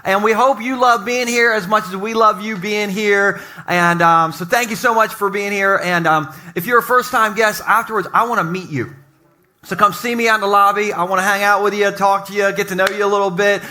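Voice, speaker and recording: A man preaching to his congregation in a lively, joking way, speaking in a church basement. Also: sits high, a little fast. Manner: energetic, joking, talks to the congregation. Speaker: pastor. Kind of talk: lively sermon opening.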